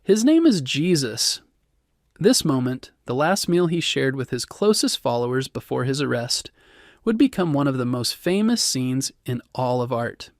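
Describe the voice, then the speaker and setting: A man narrating a bedtime history story in a calm, soothing, scripted way. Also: mid-range voice, moderate pace, dry recording, studio quality.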